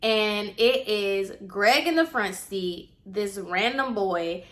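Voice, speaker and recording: A woman's voice: medium pitch, takes it slowly, a bit bright. A young adult woman vlogger retelling a personal story in casual, chatty storytime style, with many fillers.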